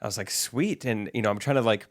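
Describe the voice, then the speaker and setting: A man's voice: on the low side, very fast, dry recording, clean studio sound. A man co-hosting a podcast, telling a story in rambling casual chat with plenty of fillers. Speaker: podcast co-host.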